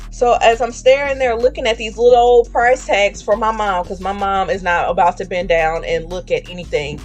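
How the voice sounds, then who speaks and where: A woman's voice: mid-range voice, brisk, hardly any pauses, faint music behind. A woman streamer telling a story in a chatty way, acting out the voices of the people in it with slang. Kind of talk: casual storytelling.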